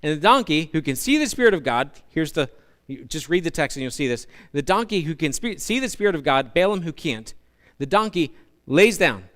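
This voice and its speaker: A male pastor preaching a sermon, telling the story in an animated way with humorous asides to the congregation. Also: fairly high pitch, a little fast.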